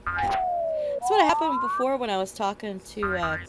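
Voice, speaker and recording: A woman's voice: high-pitched, huge pitch swings, a little slow, very noisy. A woman streamer chatting casually and rambling while playing a game, laughing often. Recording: loud game music behind.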